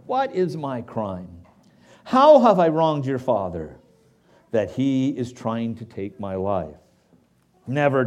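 A man preaching a sermon as pastor, reading scripture aloud and breaking off for lively asides to his congregation. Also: medium pitch.

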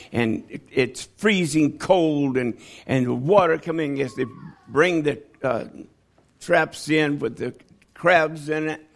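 This gravelly-voiced man preaches, going soft and low before surging into high, loud pleas as he plays the characters in his story.

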